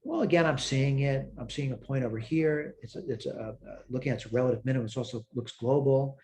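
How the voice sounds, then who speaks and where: A man's voice: mid-range voice, quick pace, a little mellow, slight background noise. A tired man teaching a recorded math lecture, thinking aloud as he works problems, correcting himself and answering his own questions. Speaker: math instructor.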